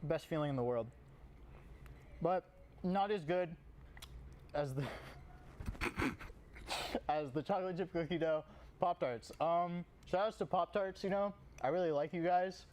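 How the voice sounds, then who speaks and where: A man's voice: fairly high pitch, normal speed, pauses often, a little mellow. A man streamer giving a casual, rambling sponsored fan testimonial, peppered with "you know" asides and talking while eating a snack.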